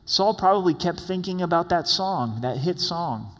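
A man's voice: high voice, lively intonation, moderate pace, a bit bright. A man preaching an expository sermon in a casual, conversational way, with asides and repeated words. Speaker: pastor. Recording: long hall reverb.

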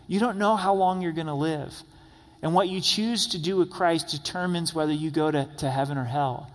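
A man's voice: a little high, normal speed. Man preaching in a reverberant hall. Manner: earnest, conversational, rising to emphatic questions. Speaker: pastor. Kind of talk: expository sermon.

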